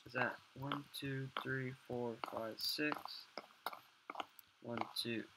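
Young male gamer, rambling and profane commentary, mid pitch, heavy noise and clicking behind. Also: fairly even intonation, extremely slow. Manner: swears a lot, mutters and hums to himself. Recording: loud background noise, mouse clicks.

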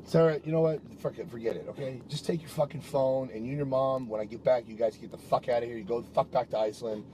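A man's voice: medium pitch, steady tone, fast, warm tone, a little hiss or hum. A man in a heated private argument, talking in an angry, profane, accusing rant.

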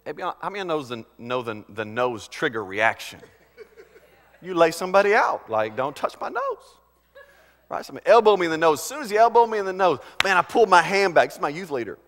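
A male pastor delivering a sermon, swinging between loud, emphatic preaching and quiet, conversational storytelling. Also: a little high, big pitch swings, fast, long reverb tail.

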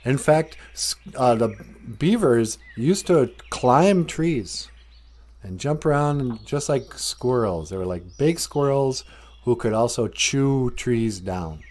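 A man telling a folk tale outdoors in a relaxed, conversational way. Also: medium pitch, takes it slowly. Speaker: storyteller. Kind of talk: casual oral storytelling.

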